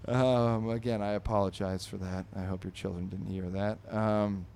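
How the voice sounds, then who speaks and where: A man hosting a comedy podcast, reading newspaper comic strips aloud. He talks in an animated, jokey way, often laughs, and jumps up high for the characters' lines. A faint hum of background noise sits under his voice. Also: moderate pace, gravelly.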